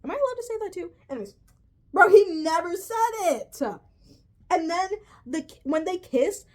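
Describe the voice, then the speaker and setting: Exasperated young woman ranting, high and lively. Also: normal speed. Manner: exasperated, swears a lot, says "bro" often. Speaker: vlogger. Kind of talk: ranting casual video commentary.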